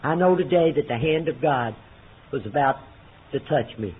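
Guy sharing his story at a meeting, folksy, goes loud then real low, tinny phone-like sound with a little hiss. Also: expressive, normal speed. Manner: folksy storytelling, swinging between loud punchlines and low hushed quotes. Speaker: recovery meeting speaker. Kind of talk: personal testimony to a meeting. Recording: tinny phone-like recording with faint noise.

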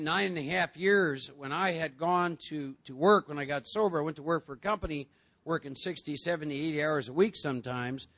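Gravelly high-voiced man addressing a group. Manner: animated, acts out voices, jokes with the room. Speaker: recovery meeting speaker. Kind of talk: recovery talk to a group.

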